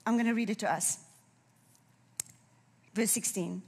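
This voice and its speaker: Lady preaching a sermon, runny nose, leans on repeats for emphasis, middle pitch. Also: measured pace, gravelly. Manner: emphatic, repeats key phrases.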